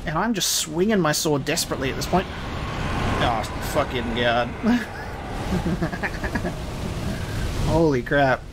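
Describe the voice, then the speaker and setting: A man commentating his own video game playthrough, excitable and panicky, swearing, yelping and laughing through a boss fight. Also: a little high, moderate pace, background noise. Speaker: gaming streamer. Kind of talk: live let's play commentary.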